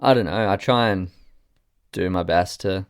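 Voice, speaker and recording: A man's voice: sits low, a little slow, clean tone, dry recording, clean studio sound. An Australian man chatting casually as a podcast guest, a laid-back rambling storyteller who swears often. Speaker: podcast guest, surf photographer. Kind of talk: casual chat over a beer.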